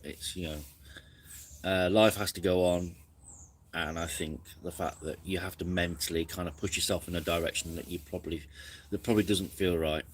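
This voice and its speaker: A man's voice: deep voice, steady tone, moderate pace, a little hiss or hum. A man hosting a casual camping live stream, rambling and reflective, snacking between sentences.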